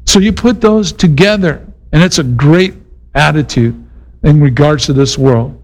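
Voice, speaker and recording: A man's voice: on the high side, a little slow, rough recording. A middle-aged man preaching a sermon in a casual, conversational way, mixing Bible teaching with a personal story. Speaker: pastor.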